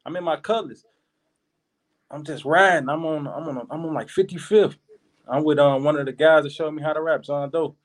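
Young man, high voice, slangy animated storytelling, podcast guest. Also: moderate pace. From Chicago. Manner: animated, slangy, repeats words while telling a story. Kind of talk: casual storytelling.

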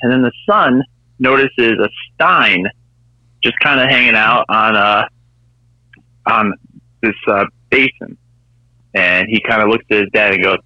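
A man leaving a rambling voicemail for a show, telling a long joke in a relaxed storytelling way. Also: on the low side, measured pace, long pauses, dry recording. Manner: rambling storyteller, chuckles at own punchline. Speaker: caller. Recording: dull lo-fi phone voicemail.

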